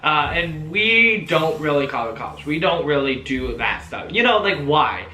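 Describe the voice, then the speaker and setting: A young man telling a story-time vlog in a chatty, animated way, full of fillers and swearing. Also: on the high side, unhurried, slight background noise. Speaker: vlogger. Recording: roomy echo, faint music.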